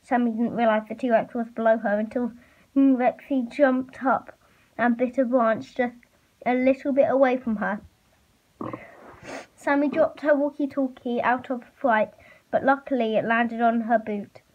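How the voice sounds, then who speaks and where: A woman reading a fan story aloud, halting and stumbling with fillers. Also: on the high side, fairly even intonation. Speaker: reader. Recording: muffled lo-fi recording.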